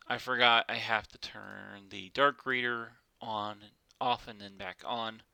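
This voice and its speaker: A man talking half to himself while he sets up recording software on a voice call, muttering commands and complaints. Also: on the low side, fairly even intonation, unhurried, vocal fry, clear, resonant tone, no echo. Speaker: player recording the session. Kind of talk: casual tech setup chatter.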